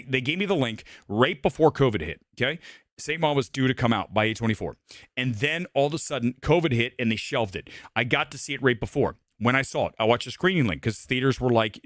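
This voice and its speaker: A man's voice: medium pitch, a bit bright, no echo, studio quality. A middle-aged man from Ohio hosting a movie talk livestream, ranting casually and profanely. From Ohio, USA.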